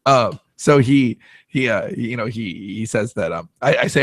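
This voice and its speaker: A podcast host telling a story in a relaxed, self-deprecating way, laughing often. His voice sits at a middle pitch, and the recording is dry and close. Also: moderate pace, no echo. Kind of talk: casual storytelling.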